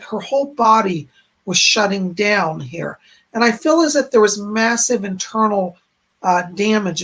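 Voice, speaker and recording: A man hosting a live-stream psychic reading, relaying spirit messages in a gentle, reassuring way and repeating "she said" as he goes. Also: sits high, gravelly, breathy edge. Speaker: psychic medium host.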